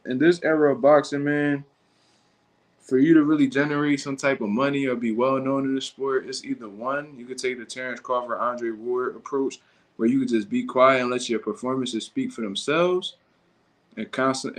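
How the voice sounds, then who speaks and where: Profane, blunt livestreaming man. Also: medium pitch. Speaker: livestream host. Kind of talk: casual livestream chat reacting to comments.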